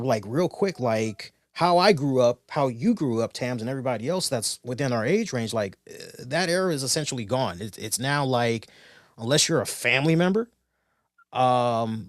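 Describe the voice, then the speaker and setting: A man's voice: mid-range voice, expressive, normal speed, no room sound, clean studio sound. A man co-hosting a casual talk show, rambling through stories with lots of restarts and "you know"s. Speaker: co-host. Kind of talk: casual podcast chat.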